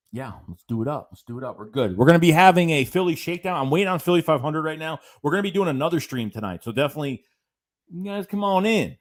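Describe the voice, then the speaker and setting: Man, live-stream host, rambling rant, repeats himself, lots of fillers, reads chats aloud. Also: a little high. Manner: reads viewer chats aloud between rants. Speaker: fan channel host.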